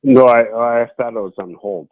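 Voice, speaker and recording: A man's voice: medium pitch, normal speed, dry recording. Fifty-something guy on a muffled phone line, hesitant, takes a while to get to the point. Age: 50s. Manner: hesitant, rambling. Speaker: caller. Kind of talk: phone-in call.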